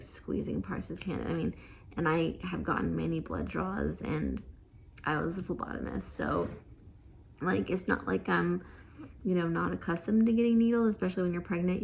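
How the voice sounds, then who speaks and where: A woman's voice: lowish voice, vocal fry, a little hiss or hum. A young adult woman vlogger telling a personal story in a casual, emotional, rambling way, full of fillers and quoted thoughts.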